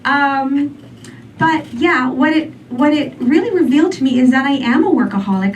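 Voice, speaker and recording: A woman in her forties performs stand-up on a club stage, rambling through her set with a deadpan, filler-heavy delivery. Her voice sits a little high. The mic catches her from a bit of a distance, with faint room noise underneath. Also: normal speed, dull audio. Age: 40s. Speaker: stand-up comedian.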